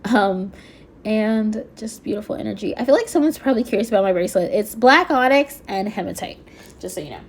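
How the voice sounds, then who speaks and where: A woman giving a pick-a-card tarot reading, chatty and excitable, talking fast with lots of fillers and a slightly stuffy nose. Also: medium pitch. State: a little stuffy-nosed. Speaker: tarot reader.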